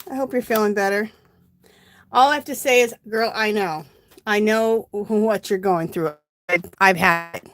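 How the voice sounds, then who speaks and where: Casual crafting talk comes from a middle-aged woman on a home livestream, her mid-range voice a bit bright and a little slow. She welcomes viewers by name and is somewhat breathless.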